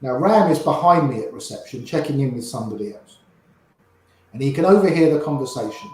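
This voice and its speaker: An older man, an interview guest, telling lively anecdotes and acting out the voices of the people in them. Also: mid-range voice, a little fast, very echoey, rough recording. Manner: lively raconteur, acts out quoted voices. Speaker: interview guest, poker player. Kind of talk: anecdotal storytelling.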